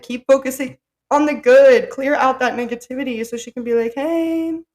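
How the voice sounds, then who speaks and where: A woman hosting a solo podcast, talking in a chatty, blunt, profane way full of "like". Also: high-pitched. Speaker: podcast host. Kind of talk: casual solo podcast monologue.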